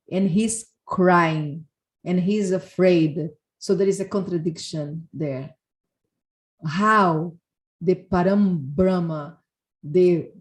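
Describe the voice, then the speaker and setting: A woman gives a devotional class talk, telling her story slowly. She laughs and often halts and restarts, and her voice rings in an echoey room. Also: fairly low pitch, darkish tone. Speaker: devotional speaker.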